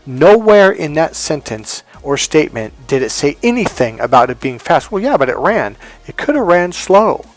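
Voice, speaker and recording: A man's voice: fairly high pitch, very animated, moderate pace, few pauses. A man giving relationship coaching advice in a blunt, emphatic monologue, acting out the voices he quotes.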